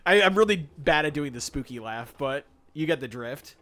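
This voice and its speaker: This streamer rattles along fairly quickly with hardly any pauses, chatting and telling sarcastic, animated tales during gameplay. Frequent laughter punctuates his bright, forward, somewhat high voice.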